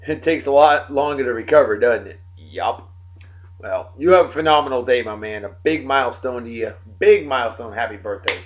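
A man hosting a daily beer and song show from home, rambling and joking as he gives birthday shout-outs to friends. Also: medium pitch, dull audio. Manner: rambling, jokey, talks straight to friends. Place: home in Texas.

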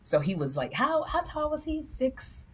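A woman co-hosting a comedy podcast, telling stories in an animated, gushing way. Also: high voice, measured pace, slight background noise. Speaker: podcast co-host. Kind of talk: casual comedic chat.

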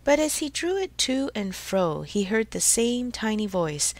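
A woman slowly narrating a storybook for English learners, in a clear, expressive reading. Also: on the high side, dry recording.

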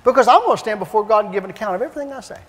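High-voiced man preaching in a church. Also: racing. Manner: animated, repetitive, emphatic. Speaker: evangelist. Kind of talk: preaching with storytelling. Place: church sanctuary. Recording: long church-hall reverb.

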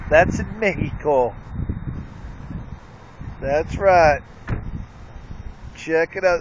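A man's voice: sits high, a little hiss or hum. A man chatting casually outdoors as he films, pointing out the sights and repeating himself as he goes. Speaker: vlogger showing the sights. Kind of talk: casual chat. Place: outdoors by a road. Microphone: handheld phone. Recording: dull lo-fi phone audio.

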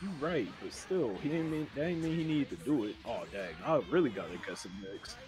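A man playing a fighting game live, excitable and laughing, with yelps as he plays. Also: medium pitch, fairly quick, over music. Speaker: player. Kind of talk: live gameplay banter.

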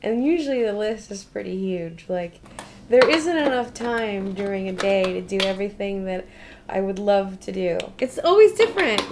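Candid higher-voiced woman painter. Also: a little slow, slight background noise. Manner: candid and emotional, swears casually, laughs often. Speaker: painter interviewed about her life. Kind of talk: documentary interview.

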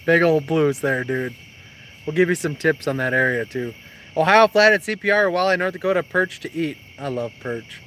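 A young man with a slightly high, bright, forceful voice speaks at a normal pace over a faint hiss or hum. He hosts a fishing live stream on a creek bank at night, chatting casually, teasing his partner and reading viewer comments aloud.

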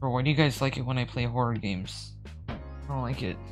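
Faint music plays behind a young man's live horror-game stream as he offers a chatty, joking commentary and jumps at the scares. He has a medium-pitched voice and talks a little fast.

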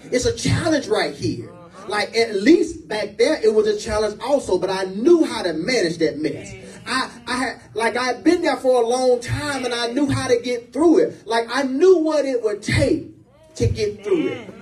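A man, a senior pastor, preaching a sermon in a church, repeating phrases and building up to shouts. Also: very high-pitched, distant mic, low-quality recording.

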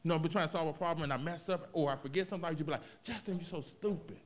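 A man preaching a sermon, moving from hushed reflection to loud, animated emphasis, with casual asides to the congregation. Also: fairly high pitch, racing, slight background noise. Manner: expressive preaching, swings from quiet to loud, vernacular asides. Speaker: pastor.

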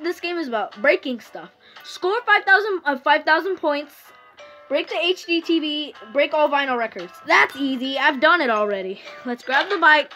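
A woman's voice: high-pitched, bright, forceful tone. A woman giving casual, rambling commentary while playing a phone game, with many fillers and restarts. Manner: rambling, chatty, self-interrupting with fillers. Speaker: gaming YouTuber. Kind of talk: casual let's-play commentary. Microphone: phone screen recording.

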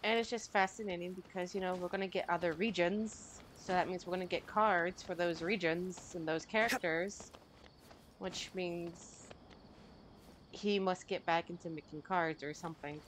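A woman's voice: fairly low pitch, steady tone, moderate pace, a little hiss or hum. Gushing, rambling woman gamer. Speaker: game streamer. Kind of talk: casual game commentary.

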